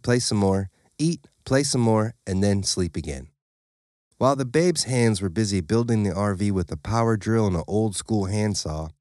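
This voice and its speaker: A man's voice: on the low side, a little mellow, dry recording, clean studio sound. A man narrating a story in the first person, in a plain, matter-of-fact way. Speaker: audiobook narrator.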